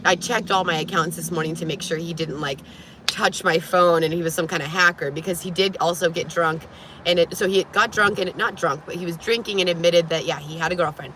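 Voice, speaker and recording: A woman in her thirties telling a story in a casual vlog, animated, laughing often, nervous and sweaty. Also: medium pitch, slight background noise. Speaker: vlogger.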